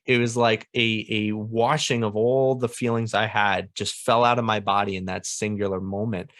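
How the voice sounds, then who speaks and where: A man's voice: medium pitch, a bit bright, no room sound, clean studio sound. A young man as a podcast guest, telling a personal story earnestly and animatedly, laughing often.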